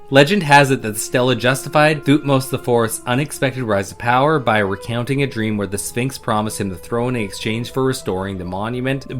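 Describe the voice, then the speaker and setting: A man co-hosts a podcast, reading a news piece aloud in a mid-range voice. He breaks in with wry, dry jokes. Faint background music runs under his reading. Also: mid-range voice. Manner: wry, joking asides between read passages. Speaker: podcast co-host.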